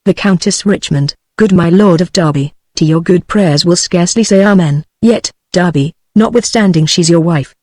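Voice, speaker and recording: A text-to-speech woman's voice with a British English accent reads the lines of a proud, wary queen in a flat, even manner. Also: fairly low pitch, moderate pace, few pauses, close to an everyday voice. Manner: flat, even synthetic reading.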